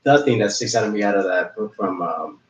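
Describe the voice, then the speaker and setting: Podcast guest, male, from Southern California, low and rambling, sits back from the mic in an echoey room. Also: brisk, distant mic. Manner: rambling, heavy use of "like", trails off quietly. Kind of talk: casual interview conversation.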